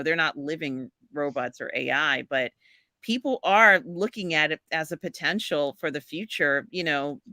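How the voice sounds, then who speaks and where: Bright-voiced woman host, dry close mic, rambling and chatty. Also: lowish voice, no room sound. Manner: rambling, many fillers, laughs while talking. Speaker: podcast host. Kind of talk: casual live-stream chat.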